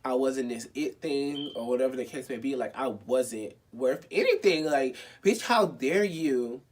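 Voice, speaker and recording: A young man in his twenties tells a personal story in a casual vlog, dramatic and expressive, swearing freely and saying "like" a lot. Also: medium pitch, moderate pace. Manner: dramatic, expressive and profane, with lots of filler "like". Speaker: vlogger.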